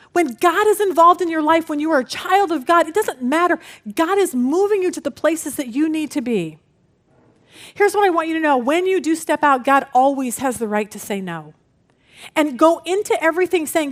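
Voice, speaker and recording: A middle-aged woman teaching a women's Bible study, telling family stories with expressive, acted-out voices. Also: high-pitched, a little fast.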